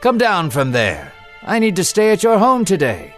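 A man's voice: sits high, huge pitch swings, moderate pace, a bit bright, faint music behind, voice pushed up, heavily acted. Jesus, a commanding man calling out voiced by a narrator. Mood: gentle.

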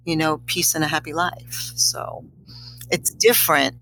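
Gravelly-voiced middle-aged woman telling a story. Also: low voice, level tone, unhurried, a bit bright, soft background music, low-quality recording. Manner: emotional, reflective, a little teary. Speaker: guest. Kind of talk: personal storytelling in an interview.

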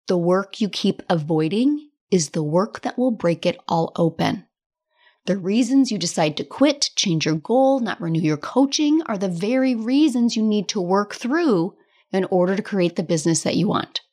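A woman's voice: medium pitch, expressive, normal speed, a little mellow. A woman hosting a solo podcast as a business coach, talking in a chatty, candid way, laughing often and swearing now and then. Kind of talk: casual solo podcast monologue.

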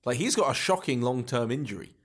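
A man's voice: mid-range voice, animated, a little fast, slightly rough. A man on a football podcast panel, giving opinions with hesitant restarts and dry asides. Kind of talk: casual panel chat.

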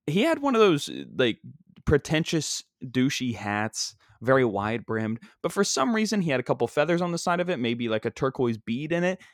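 A young man with a mid-range, very animated voice hosts his own podcast, a stand-up comic spinning a rambling funny story into a single mic at normal speed. He's full of fillers and restarts, and the studio sound is clean with no room noise.

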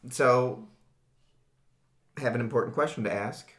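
A man's voice: mid-range voice, unhurried, a bit bright, roomy sound. A man co-hosting a podcast, asking questions with dry joking in casual chat. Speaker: podcast co-host.

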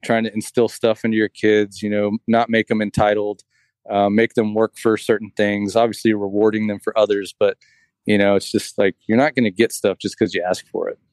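A man's voice: lowish voice, level tone, fairly quick, a little mellow, no room sound. A man telling a long story in casual chat, rambling with lots of "like" and "you know".

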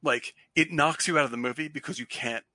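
A man's voice: a little high, fairly quick, sharp tone, no echo. A man from Cape Cod, Massachusetts, chatting casually, rambling through lots of fillers and restarts and breaking into laughter. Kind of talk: casual chat.

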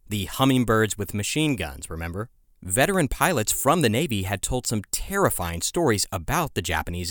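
A man's voice: fairly low pitch, no echo, studio quality. A man hosting a history podcast, telling the story in a conversational way with asides to his listeners. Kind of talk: scripted history narration.

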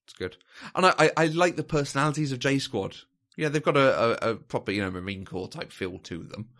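A man's voice: medium pitch, animated, a little fast, fairly bright tone. A man co-hosting a casual film discussion, thoughtful and hesitant, with plenty of fillers and restarts. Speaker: podcast co-host.

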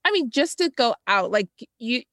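A woman co-hosting a casual chat, chatty and animated, her voice jumping up when she stresses a point. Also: moderate pace, no echo, studio quality. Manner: animated, chatty, jumps in pitch when emphatic.

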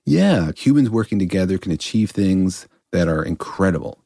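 A man's voice: deep voice, expressive, normal speed, vocal fry, warm tone, breathy edge, no echo, studio quality. A man co-hosting a podcast as a physicist, explaining science in an enthusiastic, playful way and laughing often. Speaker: physicist co-host. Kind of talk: casual podcast chat.

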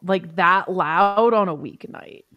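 Woman adding quick opinions. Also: on the low side, lo-fi sound. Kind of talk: casual chat.

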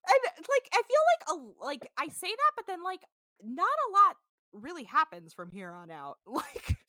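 A woman's voice: very high-pitched, wildly swooping pitch, normal speed, sharp tone, no room sound, clean studio sound. A woman co-hosting a casual podcast, animatedly recapping a reality show, laughing and swearing as she tells it. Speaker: podcast co-host. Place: apartment home.

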